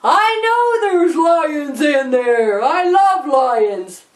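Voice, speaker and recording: A woman voicing a bold, cheerful little boy who shouts eagerly and fearlessly in a storybook reading. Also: high voice, animated, slow pace, echoey room, full character voice. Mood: excited.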